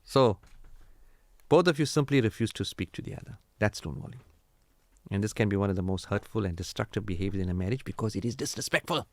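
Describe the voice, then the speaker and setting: A man hosting a radio marriage counselling talk, animated and preachy, acting out quoted family dialogue. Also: lowish voice, fast talker, no echo. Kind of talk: casual radio advice talk.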